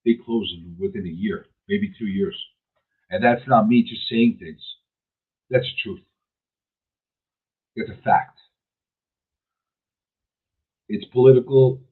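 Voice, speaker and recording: A man's voice: lowish voice, unhurried, long pauses, husky. A man hosting a talk radio show, giving an emphatic, opinionated monologue and often restarting his sentences. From New York City. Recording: tinny phone-like radio audio.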